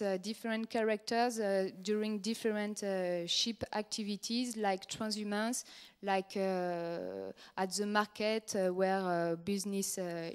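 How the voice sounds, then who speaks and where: A woman with a French accent, a non-native English speaker, pitching a film project at a workshop in halting English full of fillers and restarts. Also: smooth.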